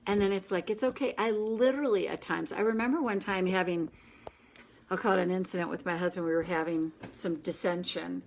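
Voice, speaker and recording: A woman hosting a casual live session, coaching a group in an earnest, gentle and encouraging way, with quick asides. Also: on the low side, creaky. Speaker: inner child tapping coach, host.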